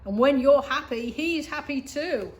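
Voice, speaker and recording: A woman's voice: high-pitched, lively intonation, measured pace. A woman reading as a wise old beaver. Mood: kindly. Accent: British. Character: wise old male beaver, calm and kindly.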